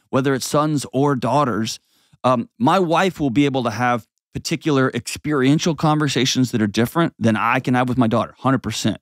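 A man's voice: mid-range voice, no room sound, studio quality. A man in his forties hosting an advice show, talking emphatically and bluntly, with mocking put-on voices and heartfelt stories. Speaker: host giving advice. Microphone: studio mic.

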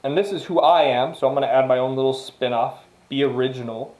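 A man's voice: mid-range voice, a little fast, darkish tone. A man giving a casual motivational monologue straight to viewers, emphatic and repetitive, swearing freely. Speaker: motivational vlogger. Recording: echoey room.

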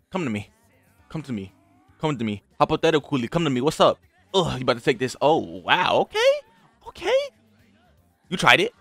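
Recorded on a desk mic alongside game audio with no room sound, a young man who hosts a gaming channel talks through his gameplay casually. In a medium-pitched voice he trash-talks his opponent, veering between grumbles and hype.

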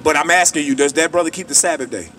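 Man preaching outside, high voice, kinda far off with some street noise. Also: fast talker, fairly bright tone. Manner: emphatic, repetitive, colloquial. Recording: distant mic, traffic noise.

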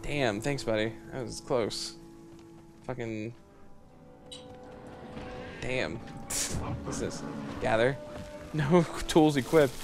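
A man giving casual let's play commentary, excitable and joking, swearing and laughing at the game. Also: medium pitch, extremely slow, gravelly, pauses often. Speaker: gamer. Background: game music.

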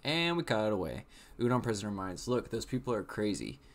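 A man's voice: on the low side, big pitch swings, fairly quick. A young man giving casual live commentary on a comic chapter, talking loosely with lots of "like". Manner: casual, loose phrasing with frequent "like". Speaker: reaction video host.

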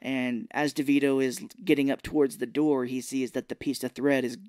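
A man's voice: medium pitch, moderate pace, dry recording, clean studio sound. A man co-hosting a podcast, retelling a movie plot in casual chat and acting out the characters' lines. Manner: animated retelling, acting out quotes. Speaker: podcast co-host. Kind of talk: casual film recap chat.

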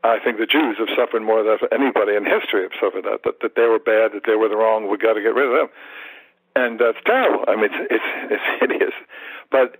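A man in his seventies, a martial arts teacher, telling stories in an animated way in a podcast interview. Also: lowish voice, fast talker, breathy edge, no room sound, low-quality recording. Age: 70s. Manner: animated storyteller, acts out quoted thoughts, repeats words.

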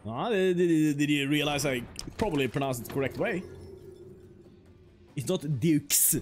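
A man's voice: a little high, expressive, brisk, faint music behind. A man streaming a card game, chatting casually and joking as he plays. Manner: playful, joking, laughs often, mock-French asides. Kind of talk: casual gameplay commentary.

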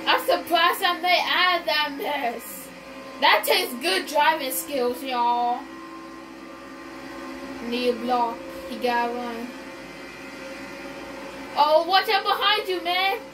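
Excitable woman narrating her racing game, high pitched, loud game music behind. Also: slow, long pauses, distant mic. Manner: excitable, gasping and shrieking at near misses. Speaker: gamer. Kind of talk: casual gameplay commentary. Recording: game music playing underneath.

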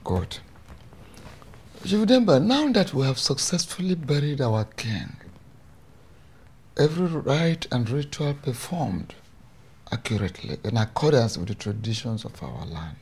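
An actor playing a prime minister of a traditional kingdom, speaking with a Nigerian accent and a halting, probing manner. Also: male voice, medium pitch, animated, a little mellow, slightly rough. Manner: halting, probing, repeats himself.

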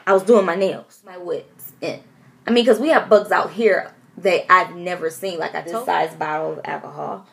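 A woman from Detroit telling a story to her camera at home in a casual vlog, animated and expressive, laughing often and acting out what people said. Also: on the low side, moderate pace, creaky. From Detroit, USA. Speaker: vlogger.

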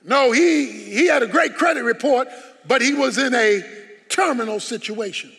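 A man's voice: very high-pitched, moderate pace, creaky, fairly bright tone, breathy edge. A man preaching a sermon as pastor, emphatic and full of rhetorical questions. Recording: long hall reverb.

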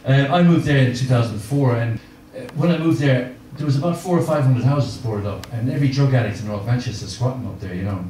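Telling self-deprecating, meandering stories peppered with filler words, this middle-aged man performs stand-up at a live comedy venue. He talks fast in a warm, mid-range voice and barely pauses. Captured from a distance in an echoey room, the recording carries a little hiss or hum.

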